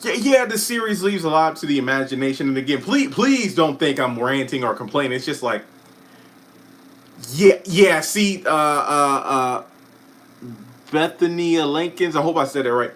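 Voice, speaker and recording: A man hosting a casual live stream who chats about a TV finale, answers viewer comments, and often breaks off with quick asides and apologies. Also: a little high, animated, fairly bright tone. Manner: chatty, self-interrupting, apologetic asides. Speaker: YouTube live stream host.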